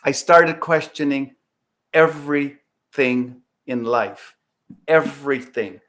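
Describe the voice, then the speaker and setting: A man's voice: mid-range voice, slow pace, fairly bright tone. A man hosting a talk show, casually telling a personal story, rambling with lots of fillers and the odd swear word. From Canada. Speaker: podcast host.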